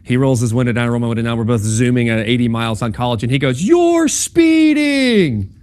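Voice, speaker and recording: A man's voice: mid-range voice, little pitch movement, rapid-fire, darkish tone, clear, resonant tone. A young man giving a casual classroom lecture on logic, talking conversationally with lots of ums and okays and checking in with his listeners. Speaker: campus ministry speaker teaching logic.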